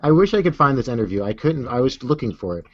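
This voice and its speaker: A man's voice: medium pitch, very animated, fast talker, slight background noise. A man co-hosting a casual chat, rambling and hesitant as he talks through news. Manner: rambling, hesitant, lots of ums. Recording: dull lo-fi audio.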